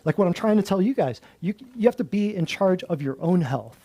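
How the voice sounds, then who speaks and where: A man with a somewhat high but mellow, warm-toned voice rants to a live group. He is blunt and folksy, throws in slang, and stacks one item after another in long emphatic lists. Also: lively intonation, a little fast. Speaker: natural health clinic host. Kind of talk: preachy talk to a live group.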